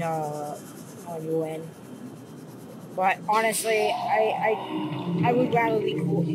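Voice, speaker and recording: A woman's voice: lowish voice, very noisy. A woman giving casual, rambling commentary while playing a game, swearing and getting jumpy at scares. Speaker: gaming YouTuber.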